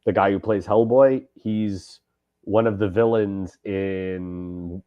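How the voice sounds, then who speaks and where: A man's voice: fairly low pitch, steady tone, takes it slowly. Hesitant enthusiastic podcast guy, dull sound. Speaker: podcast co-host. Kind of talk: casual chat.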